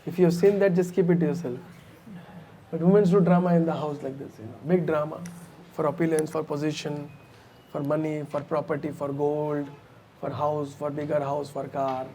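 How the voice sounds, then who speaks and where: A man preaches in a fairly high but mellow, relaxed voice. He tells a scriptural story as a sermon, chatty and animated, often turning aside to address the listeners directly. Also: moderate pace, slight background noise. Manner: animated, conversational, with asides to the audience. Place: temple hall.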